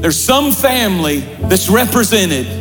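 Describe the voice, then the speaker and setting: Male pastor, high voice, slow deliberate sermon delivery, shouted peaks, reverberant church hall with faint music. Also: very animated. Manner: preaching with shouted builds and slow dramatic pauses. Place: large church.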